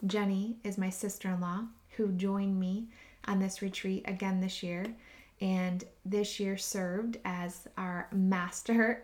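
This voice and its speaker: A woman hosting a podcast, telling a personal story in a slow, heartfelt way that sometimes drops to a near whisper. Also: mid-range voice, darkish tone. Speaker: podcast host and retreat leader.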